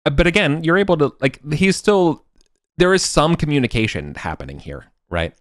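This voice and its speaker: A man's voice: a little high, big pitch swings, moderate pace, a bit bright, no echo, clean studio sound. A man running a tabletop game as game master, talking in a hesitant way with frequent restarts.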